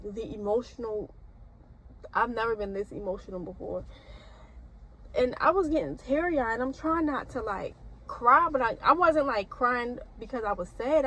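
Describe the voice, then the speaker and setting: A woman's voice: fairly high pitch, pushed and bright, a little hiss or hum, low-quality recording. A young woman nursing student, rambling casually to camera with lots of fillers and restarts. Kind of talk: casual vlog talk.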